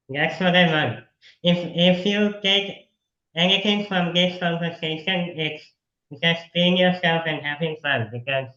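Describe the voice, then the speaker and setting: A man's voice: a little high, sharp tone, echoey room, lo-fi sound. A man interviewing a guest over a video call in a casual, chatty way, laughing often and encouraging the guest.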